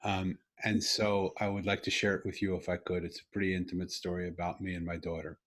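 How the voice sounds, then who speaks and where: A middle-aged man hosting a podcast over a video call, telling an intimate story earnestly with halting restarts and bursts of emphasis. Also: low-pitched, level tone, fairly bright tone, a little hiss or hum. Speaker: podcast host. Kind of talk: conversational storytelling.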